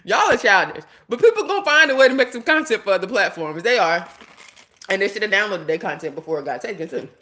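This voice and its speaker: A woman's voice: mid-range voice, fast. Blunt, swearing woman streamer. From United States. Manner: blunt, animated, talks straight to viewers and chat; swears freely. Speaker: live streamer. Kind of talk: casual livestream rant.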